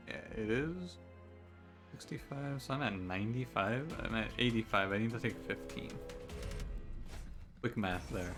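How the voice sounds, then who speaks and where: A gaming streamer with a lowish voice talks a little slowly, leaving long pauses, as he plays a video game. His commentary is casual and chatty as he reasons through choices, breaking into jokey, exasperated outbursts over the game music.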